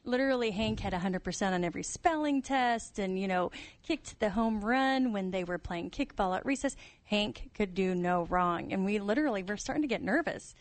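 A woman sharing a family story and reflecting earnestly on love in a relaxed talk-show chat. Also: mid-range voice, brisk, hardly any pauses. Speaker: guest author. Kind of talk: casual chat.

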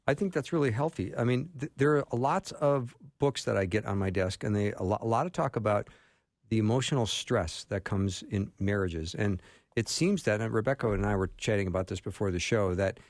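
A man hosting a talk show, asking long, measured questions. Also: lowish voice, a little mellow, no room sound, studio quality. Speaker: host. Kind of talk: radio talk show interview.

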